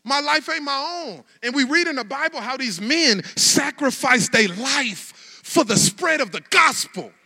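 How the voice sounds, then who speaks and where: A man preaching a sermon as pastor, shifting from quiet, casual asides to loud, rising shouts. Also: very high voice, expressive, unhurried, hardly any pauses.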